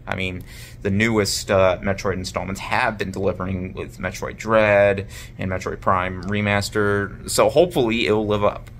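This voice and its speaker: A man's voice: fairly low pitch, fairly even intonation, moderate pace, a bit bright, a little hiss or hum. A man chatting casually in a monthly vlog, rambling with lots of fillers and restarts. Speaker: vlogger.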